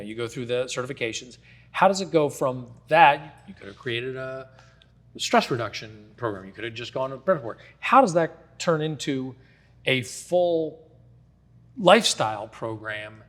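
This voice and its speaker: A man hosting a podcast, asking quick, loose questions and adding brief replies. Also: mid-range voice, fairly bright tone. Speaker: podcast host and company executive. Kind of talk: casual podcast interview.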